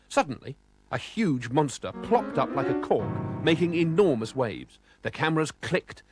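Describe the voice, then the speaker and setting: Male storybook narrator, lively expressive pitch, dry close sound. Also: no echo. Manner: expressive, animated.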